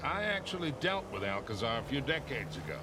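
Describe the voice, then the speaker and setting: Guy voicing a wry gruff old smuggler dude, mid voice, game sound noisy behind. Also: medium pitch, big pitch swings, a little fast, close to an everyday voice. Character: seasoned older male smuggler, wry and gruff. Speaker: game character, older treasure hunter. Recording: game audio under gameplay noise.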